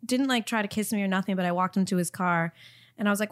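Fast-talking woman telling a story. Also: medium pitch. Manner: animated, fast storytelling with many "like" fillers. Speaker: guest. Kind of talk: casual storytelling.

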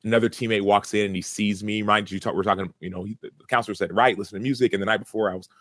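A man's voice: lowish voice, steady tone, rapid-fire, fairly bright tone, no echo. A man in his thirties, a former football player, earnestly recounting a personal story in an interview, with many restarts.

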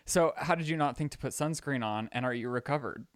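Young man, casual podcast chat, teasing, animated, dry close sound. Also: medium pitch, a little fast, no room sound. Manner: chatty, teasing, animated storytelling. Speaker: podcast co-host.

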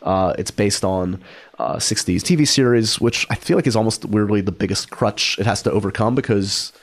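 A man's voice: lowish voice, moderate pace. Chatty man hosting a podcast. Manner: chatty, enthusiastic, many fillers. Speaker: podcast host. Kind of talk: casual podcast chat. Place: small office studio.

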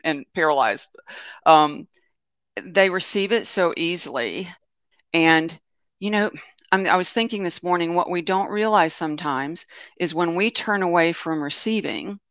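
Man with a smooth, fairly high voice. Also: sharp tone, no room sound. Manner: meandering, self-correcting storytelling with many fillers. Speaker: presenter of an online talk on animals. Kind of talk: informal webinar talk with slides.

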